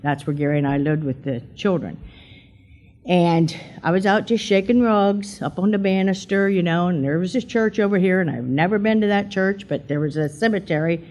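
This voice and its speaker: A woman's voice: on the low side, moderate pace, a little mellow. Older church woman, talkative testimony giver, plays out the quotes. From Pennsylvania. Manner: chatty storyteller, acts out quotes in a raised voice. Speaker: church member giving testimony. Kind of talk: personal testimony to a congregation.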